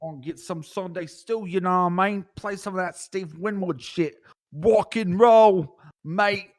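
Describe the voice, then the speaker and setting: A man's voice: low voice, expressive, unhurried. A man putting on a brash, foul-mouthed British bloke, swearing and making rowdy threats as a comic podcast bit.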